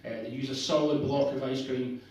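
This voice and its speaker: A man's voice: medium pitch, fairly even intonation, fairly quick, darkish tone, a little hiss or hum. A northeast Scottish man telling stories in a stand-up set, rambling and self-deprecating, with plenty of fillers. He is recorded from some way off in a very echoey bar, with a faint murmur of the room underneath. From Scotland. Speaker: stand-up comedian. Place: bar open mic night. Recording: echoey bar heard from a distance.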